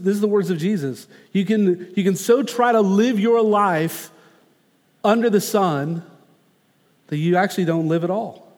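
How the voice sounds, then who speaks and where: Pastor guy preaching, high voice, slow punchy phrases, big echoey church. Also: darkish tone. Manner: earnest, measured preaching with slow emphatic phrases. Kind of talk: sermon.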